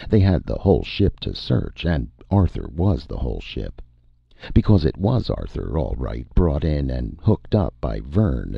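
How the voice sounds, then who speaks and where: A man with a gravelly, husky voice giving an animated first-person audiobook narration. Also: rumbling low, no echo, muffled recording.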